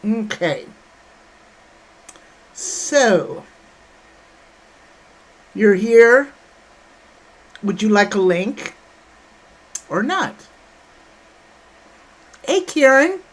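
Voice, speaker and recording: Slow-talking woman hosting a livestream. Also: medium pitch, animated. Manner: greets chat viewers by name, calls them honey and sweetheart. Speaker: livestream host. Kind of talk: casual livestream chat. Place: at home.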